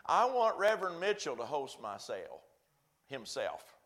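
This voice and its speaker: A man's voice: mid-range voice, huge pitch swings, moderate pace, a bit bright. Folksy man telling a sermon story. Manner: folksy, self-deprecating storyteller acting out quoted voices. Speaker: pastor.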